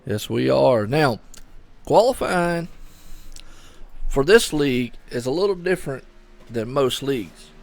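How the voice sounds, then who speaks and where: A man's voice: medium pitch, sing-song, a little slow, vocal fry, pauses often. A middle-aged man, doing solo live commentary on a sim race and chatting loosely with viewers. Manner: chatty, rambling, talks to chat viewers.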